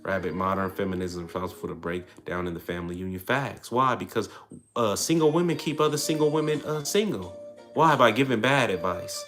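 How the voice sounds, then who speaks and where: Young guy w/ aave running a livestream, brash trash talk, mid pitch, faint music behind. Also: fairly bright tone. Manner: brash, trash-talking, drawling slang. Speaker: livestream host. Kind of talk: casual livestream chat, reading and answering comments.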